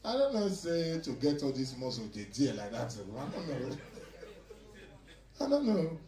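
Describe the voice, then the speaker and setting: A male stand-up comedian with a Nigerian Pidgin accent, telling a story in an animated way and acting out other voices. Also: on the high side, measured pace, reverberant, recorded from a distance. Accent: Nigerian Pidgin English. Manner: animated, acts out voices, laughs often.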